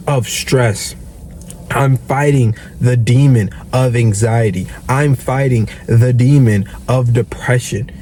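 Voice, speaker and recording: A man's voice: mid-range voice, a little mellow, slight background noise. A young man giving an earnest, preachy motivational monologue as a self-improvement coach, swearing casually.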